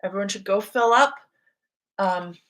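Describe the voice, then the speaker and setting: Here a livestream host, a young American woman, speaks in a medium pitch at moderate speed. Easygoing and chatty, she hosts a casual reading stream and reads the chat aloud.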